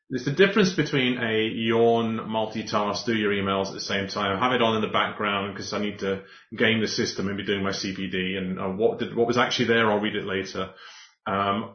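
A man hosting a podcast interview, rambling and restarting with frequent laughs. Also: on the low side. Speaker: podcast host. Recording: echoey, muffled remote audio.

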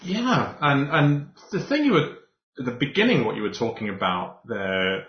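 A man's voice: medium pitch, very animated, moderate pace. A man hosting a podcast interview, rambling and restarting with frequent laughs. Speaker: podcast host. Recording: echoey, muffled remote audio.

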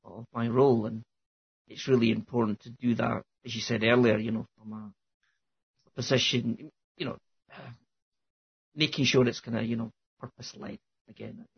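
A man's voice: mid-range voice, steady tone, normal speed, vocal fry, long pauses, breathy edge, highs cut off. A man hosting a casual podcast chat, reflective and hesitant with many fillers. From Scotland. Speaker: podcast host. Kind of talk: casual conversation.

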